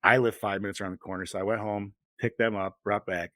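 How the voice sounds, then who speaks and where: A middle-aged man co-hosting a podcast tells long, rambling stories full of swearing while chatting casually. He talks fast in a level tone, his low-side voice pushed and bright, with no room sound.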